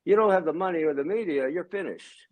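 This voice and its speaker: A man's voice: fast, phone-quality sound. A man in his seventies, a religious brother and guest, talking in an emphatic, ranting way. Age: 70s. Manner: emphatic, ranting, swinging pitch and loudness. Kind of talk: heated conversational monologue.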